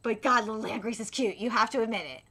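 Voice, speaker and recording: A woman streaming a live anime reaction, excitable and swearing freely, moving between muttered comments and shrieking outbursts. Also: on the high side, fast talker, husky.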